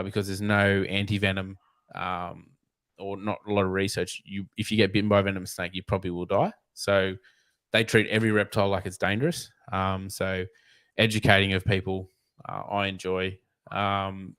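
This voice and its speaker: A man's voice: low-pitched, a bit bright, clean tone, dry recording. An Australian man, a snake catcher guest, telling blunt, profane, rambling stories in a casual interview.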